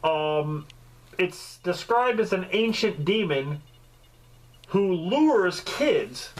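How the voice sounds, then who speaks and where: A man giving a casual, joking movie review, with swearing and lively storytelling. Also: sits high, extremely slow, low-quality recording. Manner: profane, joking, animated storytelling.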